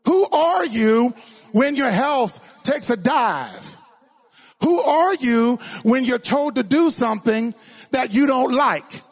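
A man preaching a sermon as pastor, with call-and-response, sometimes shouting, sometimes singing his lines. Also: very high-pitched, expressive, slow pace.

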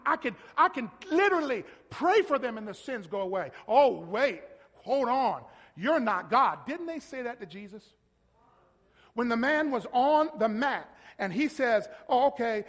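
Male pastor, very high voice, sermon with call-and-response, long hall reverb. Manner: call-and-response, prompting listeners to finish verses; talks directly to a congregation member.

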